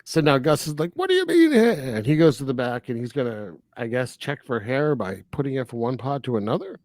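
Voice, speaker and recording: A man co-hosting a film review podcast in casual chat, animated and laughing often as he retells scenes. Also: mid-range voice, brisk, no echo, studio quality. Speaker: podcast co-host reviewing films.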